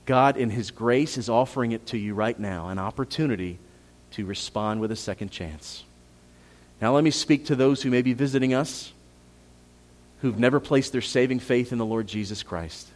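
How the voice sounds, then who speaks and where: A man preaching a sermon as pastor, rising to emphatic peaks and dropping to soft appeals, repeating phrases and asking the congregation questions. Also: mid-range voice, moderate pace.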